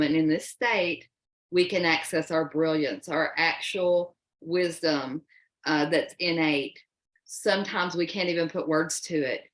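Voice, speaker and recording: A woman's voice: deep voice, steady tone, a little slow. Woman presenting in an echoey room. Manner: folksy, conversational, emphatic. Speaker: parenting workshop presenter. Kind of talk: live workshop talk. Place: workshop room.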